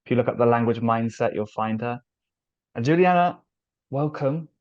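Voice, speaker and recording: A British man hosting a relaxed video chat, his voice sitting in a middle pitch. He talks in an upbeat, chatty way with quick asides. The call audio is dull and lo-fi. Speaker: host, language teacher. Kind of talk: casual video interview.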